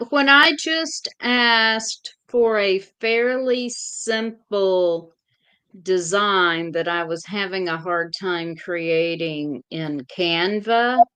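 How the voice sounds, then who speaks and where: A woman with a Southern accent co-hosting a casual livestream chat, explaining things in a measured way. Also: mid-range voice, pushed and bright, clean tone. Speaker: co-host.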